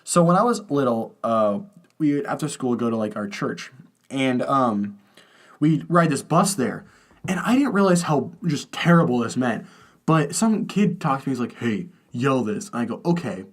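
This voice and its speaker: A young man co-hosting a podcast, telling childhood stories in casual chat with laughs and excited jumps in his voice. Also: moderate pace. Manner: animated storytelling, laughing, pitch jumps when excited. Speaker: podcast co-host. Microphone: podcast microphone.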